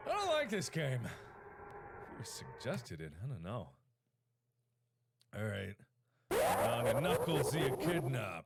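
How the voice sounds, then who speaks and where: A man's voice: mid-range voice, noisy background. A man streaming a horror game, reacting with yelps, swearing and dry asides. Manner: jumpy, yelps and swears at scares; wry asides between outbursts. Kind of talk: live game reaction commentary. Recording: game music loud behind voice. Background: game music.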